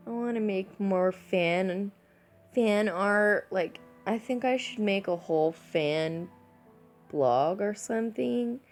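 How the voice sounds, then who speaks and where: A tipsy woman chatting loosely to her camera, laughing between phrases as she rambles. Her voice swings lively up and down while she talks slowly and lazily. Soft music plays faintly behind her. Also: mid-range voice. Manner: giggly, rambling, laughs often between words. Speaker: vlogger. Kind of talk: casual rambling chat to camera.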